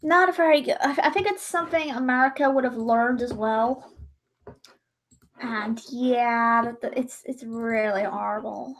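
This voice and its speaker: A woman's voice: a little high, unhurried. A young woman chatting casually on her livestream, rambling and often breaking off to restart her sentences. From Ireland.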